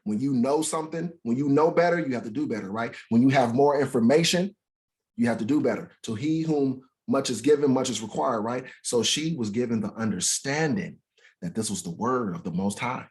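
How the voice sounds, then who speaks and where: A man leading an informal Bible study, reading scripture aloud slowly and checking in with listeners, sometimes searching for words. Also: mid-range voice, darkish tone. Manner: conversational, asks listeners "right?", reads scripture aloud slowly and dramatically; searches for words, restarts sentences.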